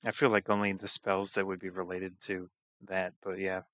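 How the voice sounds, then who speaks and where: A man playing a tabletop game, low-key and a bit hesitant, at times speaking as his character. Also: monotone, normal speed, bright, forceful tone, no room sound. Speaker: player. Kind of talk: casual tabletop chat, some in-character talk.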